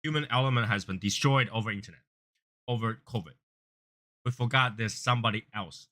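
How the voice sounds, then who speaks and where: A man hosting a cigar review channel, talking casually and earnestly, rambling and repeating himself, sometimes raising his voice to act out angry callers. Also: fairly quick. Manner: grows louder and higher when acting out angry callers. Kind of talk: casual chat.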